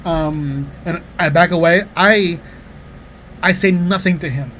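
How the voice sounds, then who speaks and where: A man in his thirties co-hosting a comedy podcast, telling rambling, profane anecdotes in a casual, animated way. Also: a little high, measured pace, a little hiss or hum. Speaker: podcast co-host.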